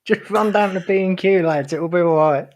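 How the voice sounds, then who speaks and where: A man's voice: sits high, normal speed. A man co-hosting a live political talk show, dropping wry, joking asides. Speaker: co-host.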